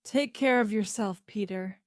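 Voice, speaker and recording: A woman voicing an anxious mother in a graded reader story, calling loudly up to her son and fussing over his breakfast. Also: measured pace, dry recording, clean studio sound, natural voice. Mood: caring. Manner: shouts high and loud up the stairs.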